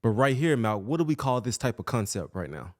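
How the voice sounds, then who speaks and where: A man's voice: medium pitch, big pitch swings, a little fast, darkish tone. Guy hosting a football podcast, walking thru film like a coach, fixes himself mid sentence. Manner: coaching, explains step by step to listeners. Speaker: podcast host.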